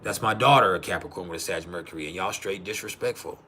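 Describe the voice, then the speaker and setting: Profane, laughing man with a bright voice. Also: low-pitched, quick pace, slight background noise. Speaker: livestream host. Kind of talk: casual livestream talk.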